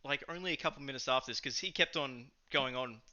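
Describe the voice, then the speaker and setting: A man co-hosting a podcast, telling a story in a casual, animated way, swearing freely and acting out what people said. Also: medium pitch, fast talker, highs cut off. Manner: animated, swearing, acts out quotes. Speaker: podcast co-host.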